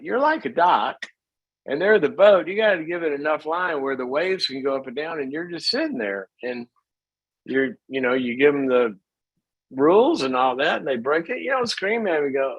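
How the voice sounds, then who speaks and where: A man's voice: fairly high pitch, expressive, normal speed, breathy edge, no room sound, lo-fi sound. A middle-aged man hosting a call-in advice show, talking in a casual, folksy way and acting out little scenes.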